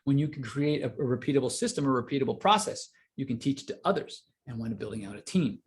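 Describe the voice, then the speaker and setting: A man coaching a live online sales class, energetic, often checking in with "right?". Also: mid-range voice, fast. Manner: energetic, repeats "right?" to the audience.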